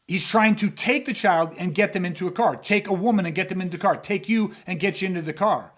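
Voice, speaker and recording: High-voiced blunt self-defense podcast host. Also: male voice, fast, a bit bright. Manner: blunt, emphatic, heavy swearing, acts out scenarios. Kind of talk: casual podcast talk.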